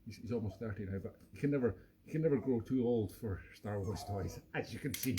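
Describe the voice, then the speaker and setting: A man's voice: fairly low pitch, fast talker, mellow, slight background noise. Playful fifty-something man rambling at home. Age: 50s. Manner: playful and rambling, with many restarts. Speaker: musician hosting a live stream. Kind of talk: casual live-stream chat. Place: home room.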